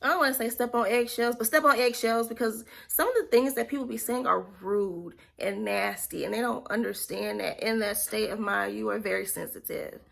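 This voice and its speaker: Recounting a personal story, a young female vlogger speaks in an earnest, halting way, frequently repeating herself and occasionally sinking to a near whisper. Her voice sits on the high side and sounds gravelly and a bit bright.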